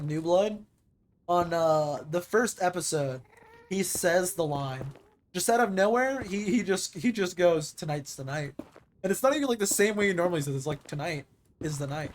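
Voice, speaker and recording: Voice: mid-range voice, lively intonation, a little fast, slight background noise. A streamer chatting casually over live gameplay, rambling with lots of fillers and casual swearing.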